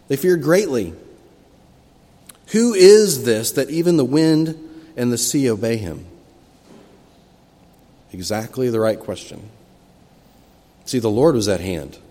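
In a church sanctuary, a pastor with a mid-pitched voice preaches a sermon that rings with long hall reverb. He tells the story expressively, acting out the people's cries with sudden loud, high rises, and he takes it slowly with frequent pauses.

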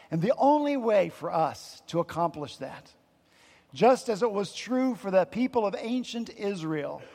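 A man preaching a sermon as pastor, earnest and conversational with rhetorical asides. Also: high-pitched. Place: church sanctuary. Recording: long church hall reverb.

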